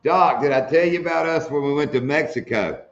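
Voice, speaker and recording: Joke-telling man, slightly high, muffled. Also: fairly quick, vocal fry. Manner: joking storyteller, laughs at own jokes. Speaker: live stream host. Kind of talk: casual live chat.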